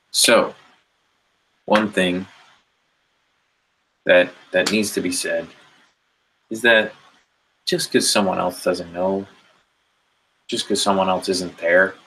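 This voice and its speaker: A man's voice: low voice, a bit bright, a little hiss or hum, poor audio. A man giving a rambling, earnest motivational monologue about inner growth, swearing casually as he talks. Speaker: spiritual self-help speaker.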